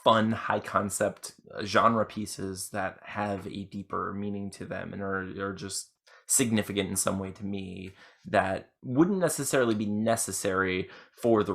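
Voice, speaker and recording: A drunk man hosting a podcast, rambling through a casual monologue with halting restarts and self-deprecating asides. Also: low voice, creaky, fairly bright tone. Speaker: podcast host.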